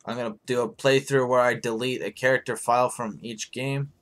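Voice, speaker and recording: A man hosting a live stream in casual chat, hoarse and rambling, swearing freely as he answers his viewers. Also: mid-range voice, fairly even intonation, a little fast, fairly bright tone.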